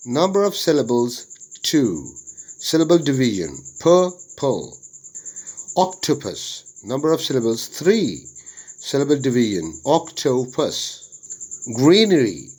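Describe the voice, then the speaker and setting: A man with a Pakistani English accent, a teacher reading out an English worksheet lesson slowly and deliberately, word by word. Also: medium pitch, darkish tone.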